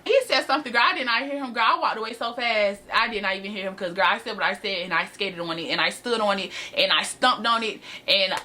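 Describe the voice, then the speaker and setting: Her voice is a little high, brisk, bright and forceful. The eighteen-year-old speaks straight to her viewers in a casual, dramatic and sassy storytime, recorded through a built-in camera mic.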